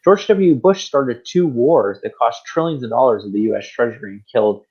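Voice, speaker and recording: A man's voice: medium pitch, expressive, fairly quick, slightly rough, lo-fi sound. A man co-hosting a podcast, ranting about politics in a heated, sarcastic, repetitive way. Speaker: podcast co-host. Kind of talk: political rant.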